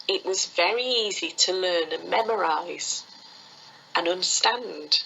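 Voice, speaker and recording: A woman, a foot reading teacher telling stories quickly and with animation as a guest in an interview, often laughing. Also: fairly low pitch, creaky, pushed and bright, a little hiss or hum, rough recording. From England. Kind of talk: conversational storytelling interview.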